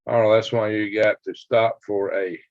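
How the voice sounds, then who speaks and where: This is an older man, telling rambling stories on his own live stream and tossing in sound effects and little chuckles. His voice sits fairly low. The sound is dry and slightly muffled, like lo-fi home stream audio. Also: level tone, normal speed, no room sound. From Alabama, US. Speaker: livestream host. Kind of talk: casual live-stream chat with viewers.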